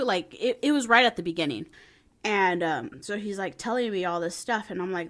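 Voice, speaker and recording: Woman cohost telling a story, laughs a lot, goes soft and soothing when she quotes herself. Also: medium pitch, animated, normal speed. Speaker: podcast co-host. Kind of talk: casual chat, storytelling.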